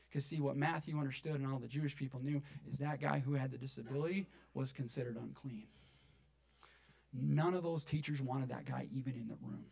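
A man preaching a sermon to his church, animated, acting out the people he quotes and swinging between loud emphatic lines and hushed ones. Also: mid-range voice, creaky, no room sound. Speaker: pastor.

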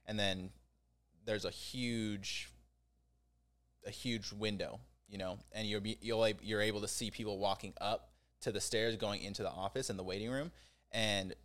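A young man telling a personal story in a casual, rambling way, with many fillers and restarts. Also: fairly low pitch.

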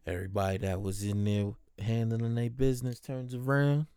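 A man's voice: mid-range voice, level tone, normal speed, warm tone, smooth, no echo, studio quality. A man who works as a postal clerk, casually telling stories from his workday, swearing freely and mimicking the people he describes.

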